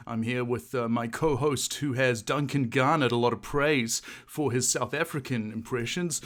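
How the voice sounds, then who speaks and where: A man's voice: medium pitch, close to an everyday voice. A man doing a smug Kiwi radio host. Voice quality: pompous, self-important. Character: smug male radio host of middle age, lecturing. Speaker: stand-in host. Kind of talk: mock current-affairs intro.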